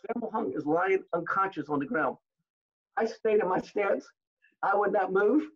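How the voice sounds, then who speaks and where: An older man telling stories as an interview guest, animated, acting out the exchanges he recalls. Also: high voice, moderate pace, lo-fi sound. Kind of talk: storytelling in an interview.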